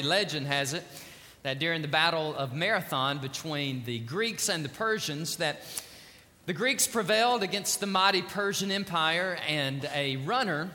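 Fervent high-voiced male preacher. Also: pushed and bright, long reverb tail. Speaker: pastor. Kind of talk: sermon.

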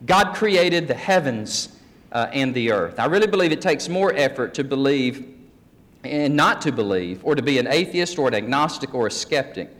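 A man's voice: mid-range voice, lively intonation, moderate pace, fairly bright tone. A man preaching a folksy teaching sermon, joking with his congregation. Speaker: pastor. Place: church sanctuary. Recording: long hall reverb.

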